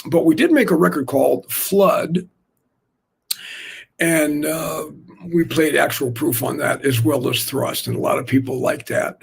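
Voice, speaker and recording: An older man, a jazz drummer, telling rambling, animated anecdotes in a casual chat, full of fillers. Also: medium pitch, creaky, husky. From Oakland, California.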